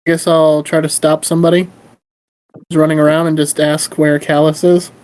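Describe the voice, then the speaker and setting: A player speaking in character in a halting, hesitant way during a tabletop game. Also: mid-range voice, little pitch movement, darkish tone, poor audio. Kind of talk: tabletop role-play.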